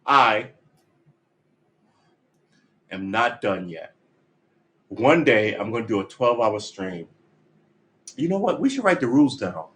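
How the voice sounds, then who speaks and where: A man's voice: fairly low pitch, big pitch swings, a little slow, long pauses, fairly bright tone, low-quality recording. A man live-streaming his guitar practice, chatting in a rambling, jokey, self-mocking way. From United States. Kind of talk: casual live-stream chat.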